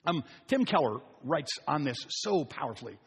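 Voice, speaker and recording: A man's voice: on the high side, sing-song, moderate pace, fairly bright tone, husky. A man preaching a conversational sermon, repeating key phrases for emphasis. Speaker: pastor. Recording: long hall reverb.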